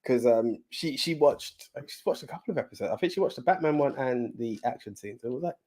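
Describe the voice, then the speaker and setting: A man's voice: medium pitch, animated, brisk, mellow. A man co-hosting a movie podcast in casual chat, hesitant and often repeating his words. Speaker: podcast co-host.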